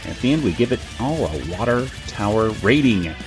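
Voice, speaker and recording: A man's voice: lowish voice, sing-song, moderate pace, music in the background. A man hosting a podcast in casual chat, chatty and laughing often, with frequent restarts. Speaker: podcast host.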